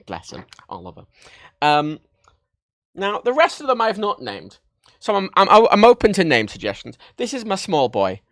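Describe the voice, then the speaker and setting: A man hosts a livestream from his home desk, fairly high-pitched and very animated as he jokes and rambles. His excitable show-and-tell chatter swings up and down constantly. The sound is close and dry, with no room echo. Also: normal speed, vocal fry. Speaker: livestream host. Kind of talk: casual livestream chat.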